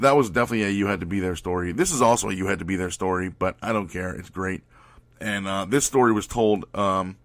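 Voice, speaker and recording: A man's voice: fairly low pitch, fairly bright tone, no room sound. A man hosting his podcast, telling rambling, profane stories packed with fillers. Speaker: podcast host. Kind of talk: casual storytelling.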